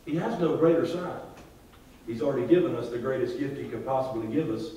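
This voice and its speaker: A man preaching a sermon as pastor, drawing responses from the congregation and swinging between loud and hushed delivery. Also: medium pitch, fairly quick. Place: large church hall. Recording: very echoey church hall, from far off.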